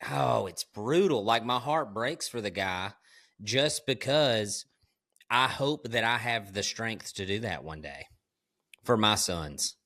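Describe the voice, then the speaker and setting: A man's voice: lowish voice, animated, slow pace, pushed and bright. A man hosting a podcast in casual conversation, emphatic and candid, calling his guest "dude". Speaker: podcast host.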